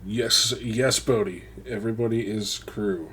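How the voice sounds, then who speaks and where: A man's voice: fairly low pitch, a little slow, a bit bright, slight background noise. A man playing a tabletop game as a ship captain, upbeat and enthusiastic. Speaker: player.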